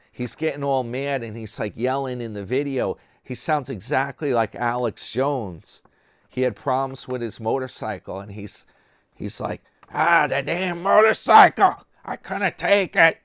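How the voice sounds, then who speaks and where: A man's voice: mid-range voice, dry recording, clean studio sound. A man hosting a commentary channel, talking casually and sarcastically in a rambling way about another creator.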